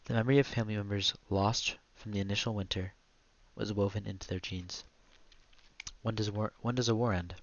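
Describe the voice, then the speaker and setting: A man narrating a literary audiobook in a measured, quiet, reflective delivery. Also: on the low side, fairly even intonation, highs cut off.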